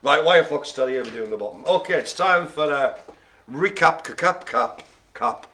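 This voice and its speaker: A man calls bingo in a bright, ringing voice that swoops up and down. He keeps up a stream of jokey banter and quick asides between numbers. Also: fairly high pitch, expressive. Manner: joking, chatty, quick asides with laughs. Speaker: bingo host. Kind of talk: lively bingo calling with banter.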